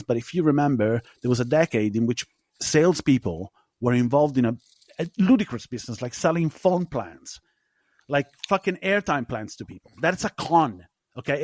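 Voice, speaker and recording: A man's voice: medium pitch, a little mellow, no echo, clean studio sound. Emphatic man hosting a film podcast. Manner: emphatic, opinionated, swears casually. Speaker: podcast host. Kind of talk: casual film review chat.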